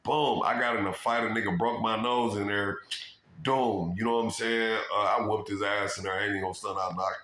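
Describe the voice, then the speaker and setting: A man rambles through his own story with an animated, profane delivery, circling back again and again to "you know what I'm saying". His voice is bright and forceful. The room around him gives off a noticeable echo. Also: lowish voice, brisk. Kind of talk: rambling casual monologue. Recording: roomy echo.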